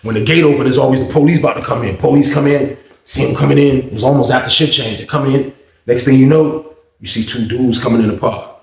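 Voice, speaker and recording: A man tells a story in a loose, rambling way, full of slang and cussing. His voice sits at an ordinary middle pitch. The recording has a noticeable room echo. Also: fast, gravelly, darkish tone. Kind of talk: casual storytime. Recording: echoey room.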